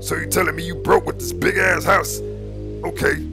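A man's voice: on the high side, level tone, normal speed, creaky, over music. A man doing casual game role-play, talking in a slangy, menacing, taunting way.

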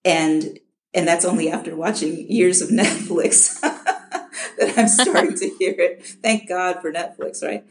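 A woman's voice: on the low side, fairly even intonation, measured pace, roomy sound. A middle-aged woman from Chicago, an audiobook narrator, talking casually in an interview, often restarting with repeated words and laughing.

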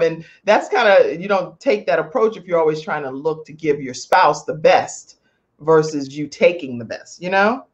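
A woman hosting a talk show, interviewing a guest with animated, layered questions and frequent laughter. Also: sits low, normal speed, dull audio.

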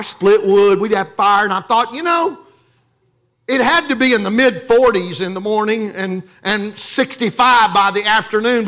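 A man's voice: high voice, sharp tone. A man from Louisiana preaching a sermon as pastor, joking and calling on the congregation to respond. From Louisiana, USA.

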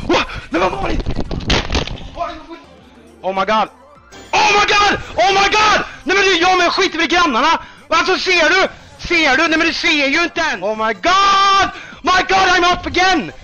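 Swedish accent, man, very high voice, urgent excited chatter, music behind. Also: normal speed, few pauses, rough recording. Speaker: slot streamer. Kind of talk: live game streaming.

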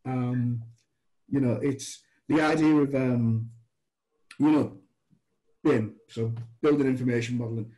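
A man guest on a podcast, telling stories with lively acted-out dialogue. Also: mid-range voice, unhurried, pauses often, poor audio. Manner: animated storyteller, acts out dialogue. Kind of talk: anecdotal storytelling.

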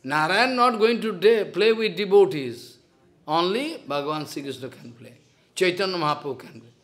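A man's voice: sits high, lively intonation, normal speed, fairly bright tone. A man with an Indian accent, a spiritual teacher telling a devotional story in simple, broken English and acting out the dialogue.

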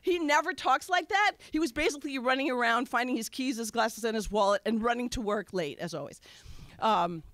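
A woman's voice: a little high, a little fast, a bit bright, no room sound. A woman from Wisconsin telling a personal story on stage in a candid, conversational and self-mocking way. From Wisconsin, USA. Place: stage at a live storytelling show.

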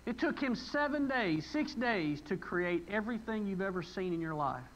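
A middle-aged man from preaches, high-pitched and bright-toned. He talks to the congregation in a folksy, emotional way and breaks into sudden louder bursts of emphasis. A faint hum of the room sits behind him. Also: lively intonation, moderate pace, dull audio. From West Tennessee. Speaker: pastor. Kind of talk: conversational sermon. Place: church sanctuary.

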